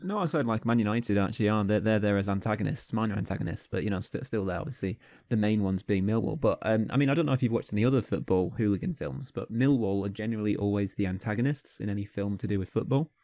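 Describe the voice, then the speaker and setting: A man's voice: fairly low pitch, dark tone, dry recording. A man co-hosting a casual movie review chat, talking at length and explaining his views. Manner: fast, talkative, explains at length.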